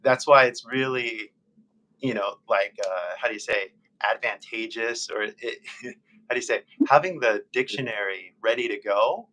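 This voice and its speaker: A man with a Californian American accent, chatting casually on a live stream as an English tutor, patient and full of fillers, repeating questions slowly. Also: mid-range voice, sharp tone, poor audio. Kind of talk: live-stream conversation practice.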